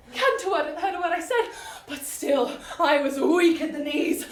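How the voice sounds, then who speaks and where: A woman's voice: high voice, normal speed, few pauses, slight background noise. A young woman performing a comic period monologue, theatrical and giggly, playing every part herself. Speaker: drama student performing a monologue. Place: rehearsal room. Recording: echoey room, mic far off.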